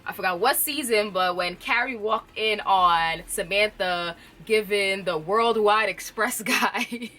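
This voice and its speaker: A woman's voice: medium pitch, unhurried, few pauses, pushed and bright. A woman reviewer casually recapping a TV episode, chatty and often laughing. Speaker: TV show reviewer.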